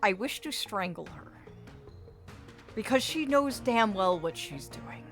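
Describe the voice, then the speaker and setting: A woman's voice: medium pitch, animated, unhurried, fairly bright tone, faint music behind. A woman streaming a game, chatting casually and theorizing in a playfully dramatic way.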